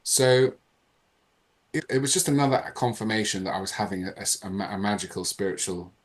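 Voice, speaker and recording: Low-voiced man telling a story. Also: a little fast. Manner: animated, reenacts dialogue in changing voices. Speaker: podcast guest. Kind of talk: casual storytelling.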